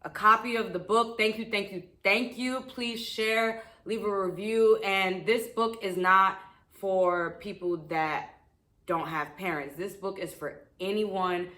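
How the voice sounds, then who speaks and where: A woman's voice: mid-range voice, steady tone, a little slow, sharp tone, echoey room. A woman, a children's book author, telling a personal story in an emotional, chatty way with many fillers. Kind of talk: casual personal story to camera.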